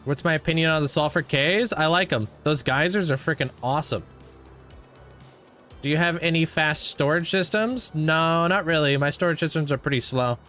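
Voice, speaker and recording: A young man with a fairly high, sharp voice talks at a normal pace over soft background music. He's livestreaming a game, chatting in a laid-back way and thanking and greeting viewers by name.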